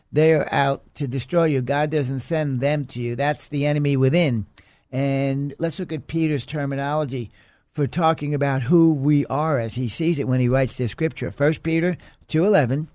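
A man's voice: a little high, a little mellow, no room sound, studio quality. A man preaching a sermon in an earnest way, reading quotes aloud and commenting on them.

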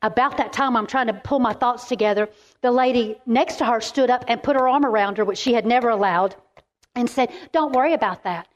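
Animated, emphatic woman preaching a story sermon. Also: a little high, fairly quick, highs cut off. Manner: animated, emphatic, with repeated restarts. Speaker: women's ministry speaker.

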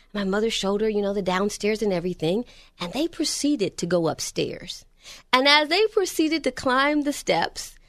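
Middle-aged texas woman preaching, high swooping voice, fervent, drops to whispers, dry close sound. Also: no room sound. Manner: fervent, storytelling, dropping to whispers. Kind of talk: sermon on prayer.

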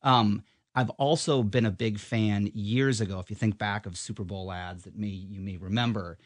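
A low-pitched, middle-aged man talks shop in an interview. He rambles and restarts, filling gaps with ums. The sound is dry and close. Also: steady tone, moderate pace, dry recording. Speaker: advertising media guest. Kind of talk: casual interview chat.

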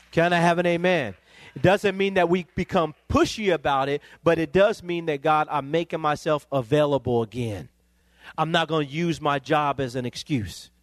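A male pastor, preaching a sermon that climbs into emphatic, excited peaks. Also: a little high, no echo.

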